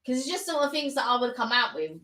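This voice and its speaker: A woman co-hosting a casual live stream from home, animated and quick to laugh. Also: sits high, roomy sound, far from the mic. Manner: animated, laughing, short reactions. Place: home, indoors.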